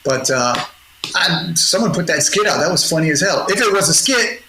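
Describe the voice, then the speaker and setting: A man's voice: on the high side, expressive, moderate pace. A middle-aged man, a music producer, telling loose stories in an interview, rambling with restarts and laughs. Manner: rambling, laughing, many restarts and quoted voices. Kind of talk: casual storytelling in a podcast interview. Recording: roomy sound with noticeable noise.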